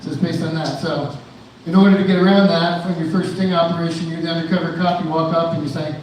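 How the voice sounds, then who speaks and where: Guy doing stand-up, rambly, highish voice, really echoey bar room. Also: steady tone, fast, hardly any pauses, a little hiss or hum. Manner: rambling, loose, with many fillers and restarts. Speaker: stand-up comedian. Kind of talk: live stand-up set. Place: indoor bar venue. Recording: echoey room, mic at a distance.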